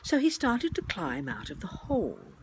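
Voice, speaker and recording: A woman reading a children's story aloud in a slow, expressive storybook manner. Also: on the high side, a little hiss or hum.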